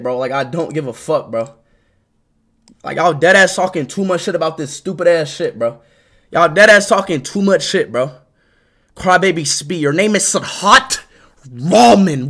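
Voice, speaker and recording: A man's voice: fairly high pitch, fairly bright tone. A young man livestreaming, ranting at his chat with constant swearing and repeated "bro".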